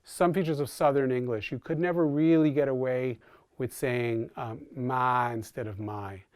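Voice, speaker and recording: A man's voice: mid-range voice, moderate pace, warm tone, no echo, clean studio sound. A man with a New York accent, a linguistics professor explaining in an interview. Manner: explanatory, lecturing.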